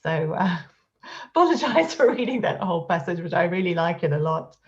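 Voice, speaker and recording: Woman, low voice, lecturing, hesitant fillers, dull lo-fi call audio. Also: very animated, moderate pace. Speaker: conference speaker. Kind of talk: academic lecture.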